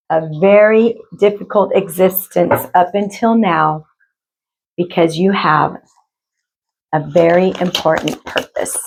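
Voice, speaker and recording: Slow, gentle woman giving a spiritual reading. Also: medium pitch, rough recording. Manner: slow, gentle, emotional, addresses viewers as you guys. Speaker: spiritual reader. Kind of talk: intuitive card reading for viewers.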